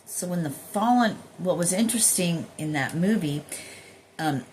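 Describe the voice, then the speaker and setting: A woman's voice: lowish voice, animated, normal speed, darkish tone, a little hiss or hum. A woman vlogging at home, musing casually on spiritual ideas in a rambling way and swearing freely.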